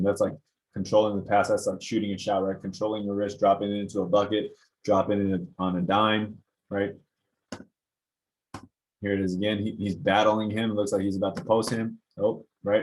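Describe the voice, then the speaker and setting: A young man, a basketball trainer, casually talking through game footage, getting animated and exasperated as he goes. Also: lowish voice, rough recording. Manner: animated, gets worked up and exasperated. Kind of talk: casual film-breakdown commentary.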